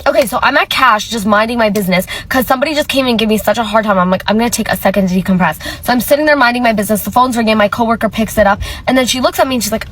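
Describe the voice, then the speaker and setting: A woman's voice: a little high, quick pace, slight background noise, low-quality recording. A woman working retail, telling a story in a casual, chatty way and acting out the dialogue. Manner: chatty, animated quoting of dialogue. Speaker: retail cashier.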